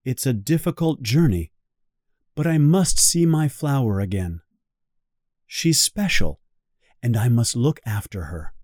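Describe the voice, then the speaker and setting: A man reading the part of a gentle, sad little boy prince in a storybook, in a soft and wistful way. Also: mid-range voice, animated, unhurried, long pauses, dry recording, studio quality.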